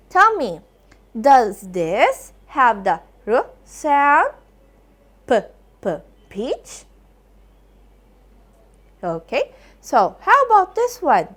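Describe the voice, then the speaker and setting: A woman teaching a slow phonics lesson to young children, sounding out letters and praising often. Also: high voice, fairly bright tone. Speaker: kindergarten English teacher.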